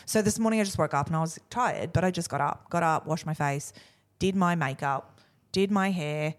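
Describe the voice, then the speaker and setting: A woman's voice: fairly low pitch, normal speed. A woman, co-hosting a podcast in casual, self-mocking chat and acting out what others said. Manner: chatty, self-mocking, acts out quotes. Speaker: podcast co-host.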